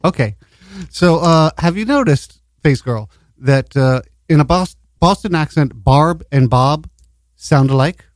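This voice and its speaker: A man's voice: on the high side, animated, unhurried, no echo. A man co-hosting a community radio show, chatting in a jokey, crude, rambling way in the studio. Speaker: radio co-host. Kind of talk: casual radio banter. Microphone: studio microphone.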